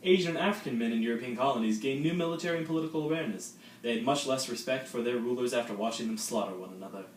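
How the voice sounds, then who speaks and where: A man's voice: mid-range voice, racing. A teenage boy narrating a school history project with dry, joking asides. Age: late teens. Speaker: student presenter. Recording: roomy, distant mic, faint noise.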